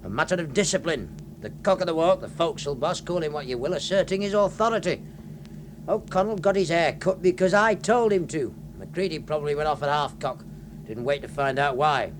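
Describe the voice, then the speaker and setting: An actor playing a wry, shrewd ship's officer in a radio drama. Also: male voice, on the high side, fairly quick, noisy background, lightly acted. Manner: dry and knowing. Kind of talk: 1970s radio drama acting.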